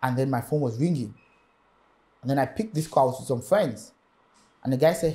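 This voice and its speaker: Brief: young male musician, lively interview storyteller who acts out the voices in his story. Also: mid-range voice, moderate pace, pauses often. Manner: animated storyteller acting out quoted voices. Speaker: music artist guest.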